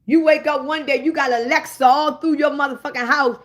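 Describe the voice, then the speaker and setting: A woman hosting a comedic rant, profane and animated, talking straight to her listeners. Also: high-pitched, brisk. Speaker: host.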